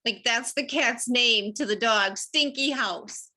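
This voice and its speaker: A woman's voice: on the high side, slow pace, bright, forceful tone. A middle-aged woman hosting an animal messages show, telling stories in a chatty way and laughing often. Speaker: animal communicator host. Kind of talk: casual chat.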